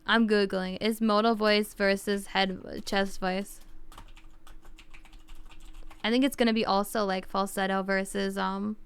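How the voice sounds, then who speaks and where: A woman's voice: mid-range voice, flat delivery, unhurried, pauses often, clean tone. A woman streamer chatting casually on a livestream, thinking aloud and rambling with lots of fillers.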